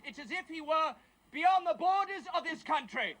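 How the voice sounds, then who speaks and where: An actor playing a fiery male revolutionary who shouts a speech to a crowd in a TV movie. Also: extremely high pitch, lively intonation, normal speed. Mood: rousing. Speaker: revolutionary agitator on a train. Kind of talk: 1980s TV movie acting. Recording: noisy film soundtrack with crowd.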